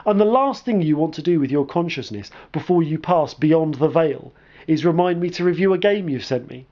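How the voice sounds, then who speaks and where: A man narrating a scripted comic story in a wry, deadpan manner. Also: fairly high pitch, normal speed, lo-fi sound. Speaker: storyteller and game reviewer.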